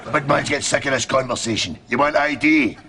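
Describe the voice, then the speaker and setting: A man's voice: mid-range voice, fast, noisy background, natural voice. A man playing a crude Scottish hard man. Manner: menacing, crude, deadpan.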